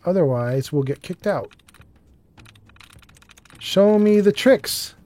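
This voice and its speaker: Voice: medium pitch, expressive, slow pace, mellow. A streamer talking through a game and rambling into a self-deprecating story, full of fillers. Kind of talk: gameplay commentary and storytelling.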